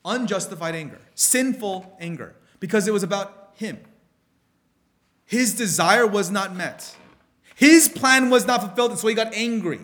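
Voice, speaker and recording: A man preaching a sermon, telling stories in an animated way and often restarting his sentences. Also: high voice, normal speed. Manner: animated storytelling with frequent restarts.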